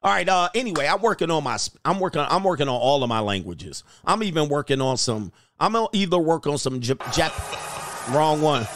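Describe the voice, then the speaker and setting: A man's voice: a little high, lively intonation, a little fast, a bit bright, no echo, studio quality. A man hosting a casual livestream, joking and rambling and often laughing as he talks. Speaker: host.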